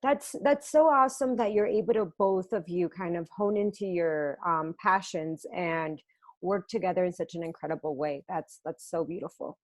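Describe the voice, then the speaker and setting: A woman's voice: lowish voice, moderate pace. A woman hosting an interview podcast, enthusiastic and effusive, often laughing. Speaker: podcast host. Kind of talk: conversational interview.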